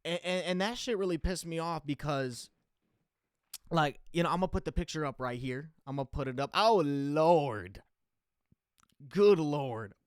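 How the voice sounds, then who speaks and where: A young man hosting a comedy podcast, telling a rambling, casual, funny story in a laid-back way that gets animated as it goes. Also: on the high side, a little fast, clean tone, no echo, clean studio sound.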